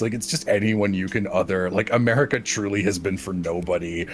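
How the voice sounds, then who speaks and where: A man's voice: sits low, a little fast, few pauses, a little hiss or hum. A man co-hosting a stream, telling stories in casual chat and laughing often. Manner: animated storytelling, laughs often. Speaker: streamer and podcast co-host.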